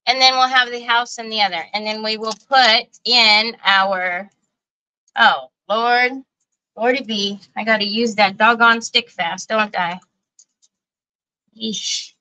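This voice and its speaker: A woman's voice: a little high, fairly even intonation, takes it slowly, pushed and bright, smooth, low-quality recording. A woman, hosting a casual craft livestream in a chatty, folksy way and talking straight to her viewers. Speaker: craft show host.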